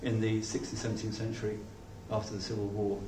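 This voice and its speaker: Male pastor, halting reflective sermon, distant echoey church recording with faint noise. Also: on the low side, monotone, mellow. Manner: reflective, halting, with many restarts. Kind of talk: sermon with closing prayer. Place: church hall.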